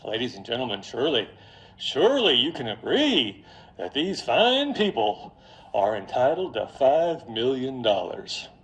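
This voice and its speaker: A man voicing a theatrical female trial lawyer with a Mississippi accent, pleading to a jury in a grand, drawn-out way. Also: mid-range voice, huge pitch swings, fairly bright tone, low-quality recording. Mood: grandiose pleading.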